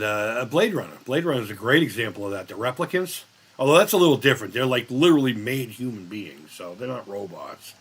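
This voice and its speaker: A man's voice: mid-range voice, fairly bright tone, slightly rough. An American man hosting a casual live chat, rambling and swearing freely as he laughs along. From United States. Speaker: live stream host.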